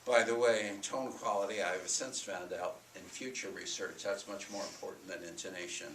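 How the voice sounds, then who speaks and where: A man's voice: sits low, steady tone, a little fast, fairly bright tone, slight background noise. Older man lecturing, singing demo syllables. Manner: breaks into solfège and chanted rhythm syllables to demonstrate. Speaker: music education lecturer. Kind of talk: lecture with sung and chanted examples. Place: college lecture hall. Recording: roomy hall recording from far off.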